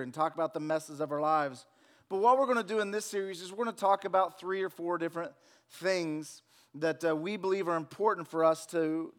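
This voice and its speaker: A man's voice: fairly high pitch, fairly bright tone, clear, resonant tone. A man pastor preaching a sermon in a church, telling stories and acting out the voices in them. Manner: storytelling, acts out voices in anecdotes. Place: church sanctuary.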